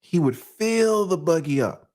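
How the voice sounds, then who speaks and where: A man's voice: fairly high pitch, lively intonation, measured pace, darkish tone. A man from Atlanta, hosting a casual, profane livestream commentary, often laughing. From Atlanta, USA. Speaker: YouTube commentary host.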